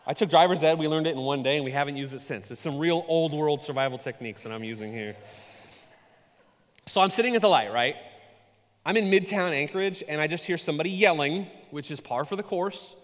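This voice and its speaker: A man preaching a sermon, telling stories with animated, self-mocking humor. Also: fairly high pitch, fairly quick, in a large hall. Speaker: pastor.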